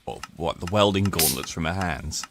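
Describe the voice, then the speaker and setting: A man's voice: sits low, normal speed. A man chatting in an easygoing, informal way as a stream co-host. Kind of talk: casual chat. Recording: noisy background.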